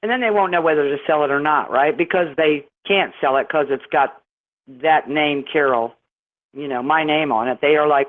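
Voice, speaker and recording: A woman's voice: sits low, normal speed. A middle-aged woman speaks over a tinny, narrow phone line as an interview guest. She tells her story in a rambling, indignant way, restarting her sentences often. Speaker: guest caller.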